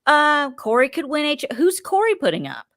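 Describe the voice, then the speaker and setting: A woman's voice: sits high, huge pitch swings, moderate pace, a bit bright, dry recording, studio quality. A woman hosting a podcast in casual chat, rambling and chatty with many fillers. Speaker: podcast host.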